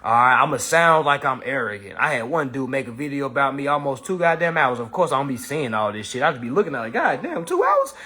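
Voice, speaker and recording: A man teaching and mentoring, talking casually to his viewers in a blunt, profane, animated way. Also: mid-range voice, fast talker, hardly any pauses. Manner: blunt, profane, animated, keeps saying "all right".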